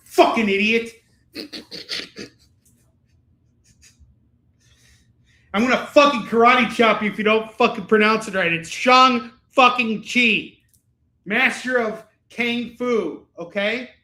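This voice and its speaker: A man putting on a loud, bossy pitchman. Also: lively intonation, moderate pace, few pauses. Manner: barking, insistent, profane. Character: loud bossy male pitchman, pushy and mocking. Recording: roomy echo.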